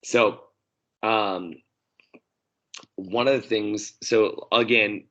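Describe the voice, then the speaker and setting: Low-voiced man on lo-fi podcast audio. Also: fairly even intonation, fairly bright tone. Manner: laughs easily, quick quips. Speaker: podcast co-host. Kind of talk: casual history chat. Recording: dull lo-fi sound.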